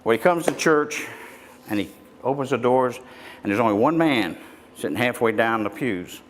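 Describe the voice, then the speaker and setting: A man tells folksy jokes in a rambling way, chuckling at his own punchlines. His pitch jumps around lively. The voice rings out in a long hall over faint background noise. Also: moderate pace. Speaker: stand-up comedian. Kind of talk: folksy stand-up joke telling.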